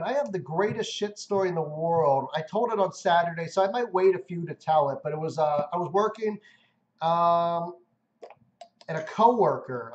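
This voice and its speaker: A man's voice: fairly high pitch, roomy sound, dull audio. A man co-hosting a casual live stream, telling crude stories in a rambling, jokey way with lots of restarts.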